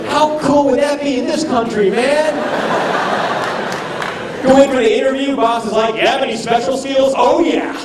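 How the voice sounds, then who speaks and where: High-voiced comedian, echoey live room. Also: male voice, very noisy. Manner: animated, mocking asides and acted-out voices. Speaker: stand-up comedian. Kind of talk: stand-up comedy set. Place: live comedy venue with audience. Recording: echoey room, mic from a distance, crowd audible.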